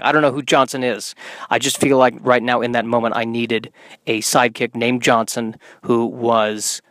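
A young man hosting his own podcast from inside a car, talking in a deadpan, self-mocking comedic monologue. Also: mid-range voice, normal speed, no echo, poor audio. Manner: deadpan, self-mocking, slips into silly put-on voices. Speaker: podcast host.

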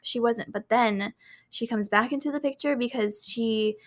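A woman with a fairly high voice speaks at a moderate pace as she co-hosts a podcast. She tells a story casually, peppering it with "like" and "um" and swearing without hesitation.

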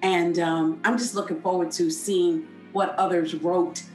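A woman speaks gently and with some hesitation, her voice on the low side. The room sounds echoey, and faint music plays. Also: fairly even intonation, measured pace. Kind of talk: personal testimonial.

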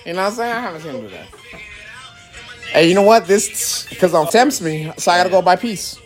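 A man in his thirties hosting his birthday party, joking loudly and teasing his friends in casual chat. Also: sits high, sing-song, brisk, over music. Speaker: birthday host.

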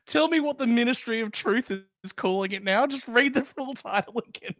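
An Australian woman co-hosting a podcast, sarcastic and animated, laughing often. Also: fairly high pitch, a little fast, dry recording, studio quality. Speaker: podcast co-host. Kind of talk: casual podcast banter.

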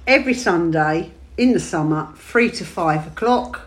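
A woman's voice: fairly low pitch, animated, moderate pace, slight background noise. A middle-aged woman from England telling family stories in a chatty, laughing manner, hosting a casual chat. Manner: chatty, storytelling, laughing often. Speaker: podcast host.

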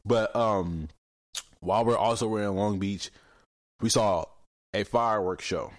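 A man's voice: lowish voice, a little slow, no echo, studio quality. A young man hosting a casual solo podcast, telling stories bluntly, cursing freely and mimicking how other people talk. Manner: animated storytelling, mimics other people's voices. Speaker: podcast host.

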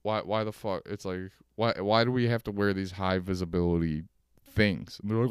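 Profane ranting podcast man, smooth low voice. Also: steady tone, moderate pace, no echo, studio quality. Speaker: podcast host. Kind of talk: solo comedic podcast rant. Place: at home on a couch.

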